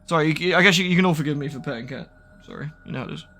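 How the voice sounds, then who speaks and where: A man with a slightly raised voice rambles through relaxed game commentary. He keeps switching to affectionate baby-talk for his cat. Quiet game music plays underneath. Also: on the high side, very fast. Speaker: gaming streamer. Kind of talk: casual let's-play commentary.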